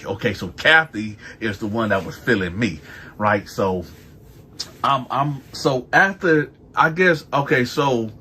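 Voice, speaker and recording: A man spins a casual personal tale and acts out each person's lines, his voice leaping up as he quotes them. His pitch sits in the middle for a man, and faint noise hums under the recording. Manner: animated, acts out other people's lines in raised voices. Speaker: storyteller. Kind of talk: casual storytelling.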